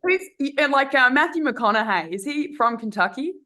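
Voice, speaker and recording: A woman's voice: high-pitched, expressive, moderate pace, bright, forceful tone. Chatty Australian woman, rambling. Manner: chatty, rambling with many fillers and restarts. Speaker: guest, dating coach. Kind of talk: casual podcast chat.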